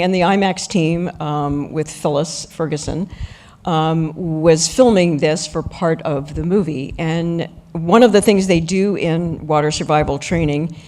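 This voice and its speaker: A woman and former astronaut recounting a training story on a panel, told in a lively way. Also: low-pitched.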